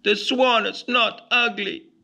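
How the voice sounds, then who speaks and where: A man's voice: very high-pitched, steady tone, takes it slowly, gravelly, sharp tone, voice pushed up, full character voice. A man voicing a sad, lonely little male duckling in a storybook reading, plaintive and childlike.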